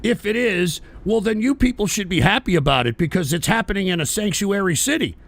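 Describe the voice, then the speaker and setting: A man hosting a live political stream, ranting with profane, scornful outbursts that rise into shouts. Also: sits high, lively intonation, fairly quick, vocal fry. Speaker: host.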